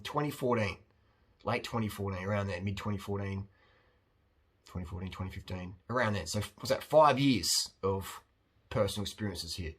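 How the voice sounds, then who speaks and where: A man with a bright, forward voice and a husky edge to it, talking bluntly in a rambling advice monologue. He is animated and keeps slipping into quick impressions of other people as he goes, keeping the tone casual and unpolished. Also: medium pitch. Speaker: host answering viewer questions.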